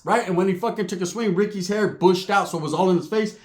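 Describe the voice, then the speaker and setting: A man telling a comic story, animated and profane, acting out the voices of the people in it. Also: high voice, fast talker, hardly any pauses. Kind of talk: comedic storytelling.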